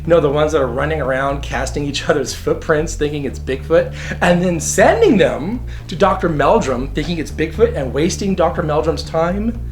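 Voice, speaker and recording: A man's voice: on the high side, expressive, normal speed, few pauses, soft background music. A man hosting a comedic video commentary show, talking in a sassy, catty, campy way. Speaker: show host.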